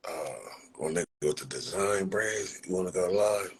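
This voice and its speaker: A man's voice: deep voice, slow pace, poor audio. A young man talking loosely on a phone livestream, full of street slang and profanity and breaking into laughter often. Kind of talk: casual livestream chat.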